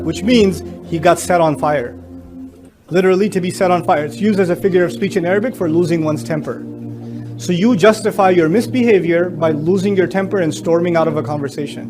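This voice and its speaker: High-voiced animated man preaching over music. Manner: animated, acts out family quotes in a higher voice. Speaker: Islamic speaker. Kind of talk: lively sermon talk to youth. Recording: lecture with music underneath.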